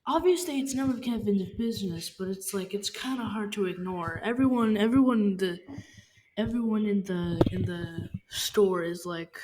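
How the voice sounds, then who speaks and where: A woman casually telling a story, halting and rambling with lots of fillers and restarts. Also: mid-range voice, darkish tone. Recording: faint background noise.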